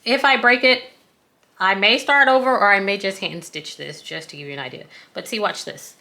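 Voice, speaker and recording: Bright-voiced Southern woman teaching sewing. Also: medium pitch, moderate pace, creaky. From American South. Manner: chatty, self-deprecating, folksy. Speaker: craft tutorial host. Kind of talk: casual sewing tutorial.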